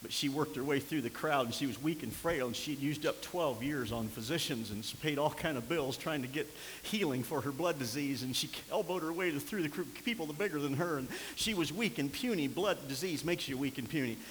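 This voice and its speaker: An older man preaching a sermon as pastor, swinging from impassioned near-shouts down to quiet, low storytelling. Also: brisk. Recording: long hall reverb with faint hiss.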